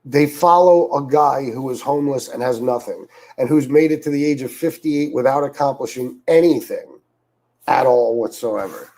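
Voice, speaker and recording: A man's voice: mid-range voice, normal speed, poor audio. A middle-aged man hosting a livestream, ranting in casual, profane commentary full of repeats and asides. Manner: profane, repetitive, animated storytelling. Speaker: livestream host.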